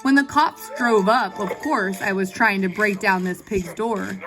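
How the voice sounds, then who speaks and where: A woman's voice: mid-range voice, measured pace, natural voice. A woman reading a storybook aloud as a sniffly, self-pitying male wolf who tells his own side, confiding and indignant, with music underneath. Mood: aggrieved. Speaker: guest reader.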